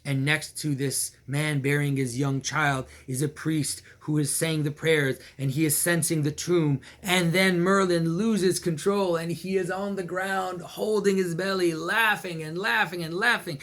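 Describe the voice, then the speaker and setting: A man retelling an old legend in a casual, animated way, repeating phrases and chuckling now and then. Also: fairly high pitch, a little slow. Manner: animated, repetitive, with small laughs and restarts. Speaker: storyteller and commentator.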